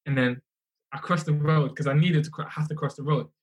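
A young man, a musician telling his story in a casual, animated way, often repeating himself. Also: fairly high pitch, a little fast. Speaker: musician guest.

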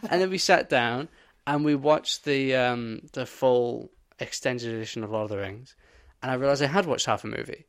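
A young man co-hosting a podcast, telling an animated story in casual chat and swearing often. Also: mid-range voice, moderate pace, few pauses. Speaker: podcast co-host.

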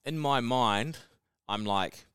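A man in a casual podcast chat, animated, laughing often and swearing a lot. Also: mid-range voice, slow pace, smooth, dry recording, studio quality. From New Zealand. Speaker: podcast co-host.

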